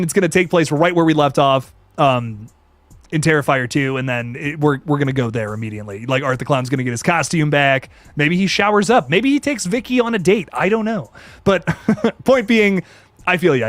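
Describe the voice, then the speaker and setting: A young man hosts a casual live stream, chatting loosely with viewers in an excitable, slangy way. His voice sits a bit high and swings widely in pitch. The sound is close and dry, with no room around it. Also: dry recording. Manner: excitable, laid-back slang, frequent laughs and restarts. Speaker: youtube host reading live chat.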